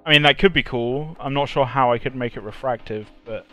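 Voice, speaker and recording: A man's voice: medium pitch, brisk, pushed and bright, soft background music. A man hosting an art livestream, chatting casually, joking and laughing often. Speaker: stream host and 3D modeller.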